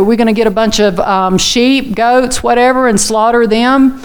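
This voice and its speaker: A woman preaching in a relaxed, chatty way, drifting into folksy asides. Her voice sits a little high and sounds smooth and clear. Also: normal speed, hardly any pauses. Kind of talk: conversational sermon.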